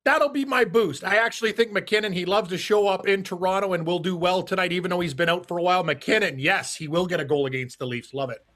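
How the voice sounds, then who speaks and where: High-voiced man co-hosting sports picks. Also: fast talker, hardly any pauses, a bit bright. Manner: chatty, with stammered starts. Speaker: co-host. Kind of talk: casual sports betting talk.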